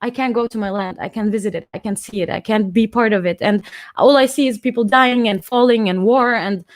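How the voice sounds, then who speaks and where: A woman's voice: mid-range voice, fairly quick. A woman in her twenties, from Austria, performing impassioned spoken word poetry and then chatting emotionally at an online conference over a video call. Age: 20s. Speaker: poet and singer at an online conference.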